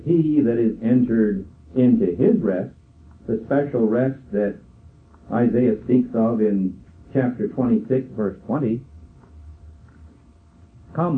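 An older man preaching a sermon in a slow, measured way, quoting scripture. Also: medium pitch. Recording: tinny phone-like sound from far off.

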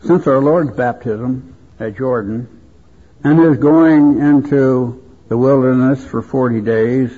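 A man preaching a sermon at a convention, speaking in a slow, measured, reverent way. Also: mid-range voice, slightly rough. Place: convention hall. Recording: tinny phone-like convention recording.

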